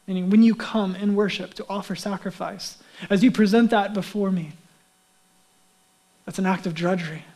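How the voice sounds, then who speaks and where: A pastor preaches in a casual, conversational sermon. The man has a high voice and slips into the voices of the people he quotes. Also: steady tone, normal speed, long pauses, darkish tone.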